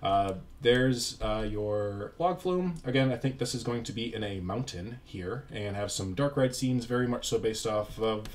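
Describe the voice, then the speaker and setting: Rambling young man with a low voice. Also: unhurried, few pauses. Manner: rambling, self-deprecating, with filler words. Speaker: YouTuber. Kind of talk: casual gameplay commentary.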